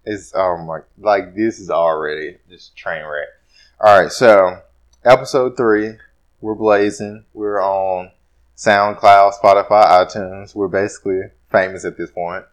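A man's voice: deep voice, fairly even intonation, a little slow. A man co-hosting a podcast, chatting casually and teasing his friend with jokes. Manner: joking, teasing banter. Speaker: podcast co-host. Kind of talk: casual chat.

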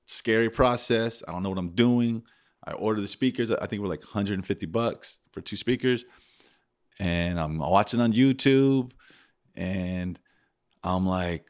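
A young man in casual podcast chat, telling stories and acting out his own reactions. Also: on the low side. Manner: animated storyteller, acts out his own reactions. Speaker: podcast co-host.

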